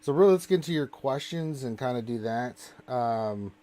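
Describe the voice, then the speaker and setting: A man's voice: mid-range voice, lively intonation, normal speed, dark tone. Guy hosting a game stream, distracted, keeps groaning oh god while playing. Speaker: live stream host. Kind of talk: casual gaming stream chat.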